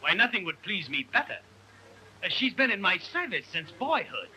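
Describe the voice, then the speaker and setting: A man's voice: high voice, sing-song, sharp tone, a little hiss or hum, exaggerated voice, rough recording. A man playing a pompous, blustering man posing as a colonel in a 1930s film comedy. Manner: pompous, slow and grand.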